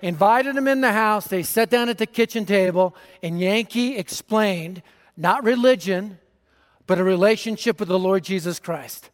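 A man from North Denver giving an energetic, humorous gospel talk on a conference stage, speaking into a stage microphone. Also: high-pitched, moderate pace. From North Denver, USA. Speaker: evangelist speaker. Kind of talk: gospel message speech. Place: large conference hall stage. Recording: reverberant hall.

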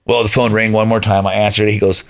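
A man's voice: fairly low pitch, level tone, quick pace, gravelly. A man in his thirties, a podcast guest, telling his life story in a conversational way and acting out what his friends said.

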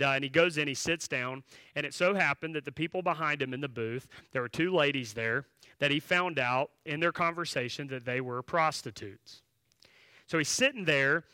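Bright, forceful male pastor. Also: fairly high pitch, clean tone, no room sound. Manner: conversational, with filler words and restarts while telling a story; emphatic, direct appeals to the congregation. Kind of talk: sermon storytelling.

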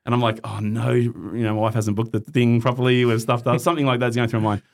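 A man's voice: mid-range voice, fast talker, gravelly. A middle-aged man with an Australian accent, telling a personal story in casual chat as a podcast guest, acting out the voices in it. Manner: animated, acts out quoted voices, laughs often.

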